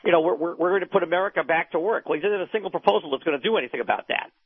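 Fast-talking husky guy calling into a talk show, tinny phone line, sarcastic commentary. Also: fairly high pitch, no echo. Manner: rapid, sardonic, many restarts. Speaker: regular political commentator guest. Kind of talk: political commentary on talk radio.

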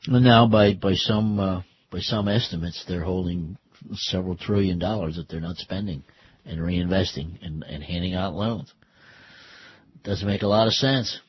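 A man co-hosting a political talk show, chiming in with brief, measured comments. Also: low voice, slightly rough. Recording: dull lo-fi studio sound.

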